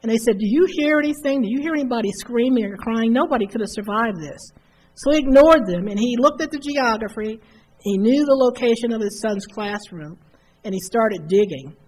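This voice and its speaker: Husky-voiced woman giving a keynote. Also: a little high, lively intonation, a little fast, a little mellow. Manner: storytelling, building to emphatic repeated refrain. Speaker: keynote speaker. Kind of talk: motivational keynote speech. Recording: faint noise, live conference hall.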